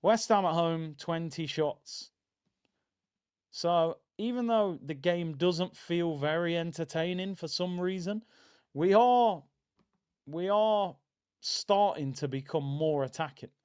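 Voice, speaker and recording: Slightly high and smooth, this man's voice moves slowly through a lo-fi recording. He's running a live football watchalong, casually reacting to the match, reading out what viewers write and erupting in excited bursts.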